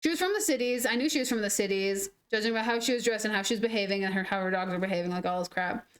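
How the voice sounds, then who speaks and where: A woman's voice: medium pitch, rapid-fire. A young adult woman streaming a game, telling rambling stories in casual chat with lots of "like". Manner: rambling, animated storytelling full of "like". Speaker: gaming streamer. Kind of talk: casual chat while gaming.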